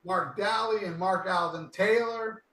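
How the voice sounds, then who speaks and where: A man's voice: high-pitched, unhurried, bright, forceful tone, roomy sound, rough recording. A man co-hosting a podcast, rambling in an easygoing way and turning emphatic when making a point. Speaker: podcast co-host, YouTuber. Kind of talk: casual podcast chat.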